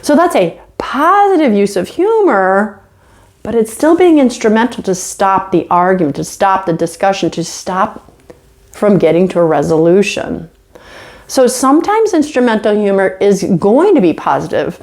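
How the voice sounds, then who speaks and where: Brief: middle-aged female instructor, conversational lecture video, animated and self-mocking. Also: mid-range voice, normal speed. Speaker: college instructor.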